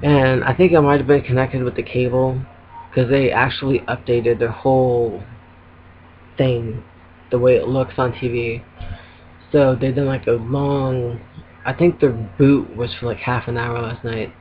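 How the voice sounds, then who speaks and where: Man, casual home vlog rant, rambling with ums and small laughs, mid-pitched voice, dull lo-fi webcam sound. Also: level tone, a little slow, a little hiss or hum. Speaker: vlogger. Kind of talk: casual venting to camera. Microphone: laptop webcam.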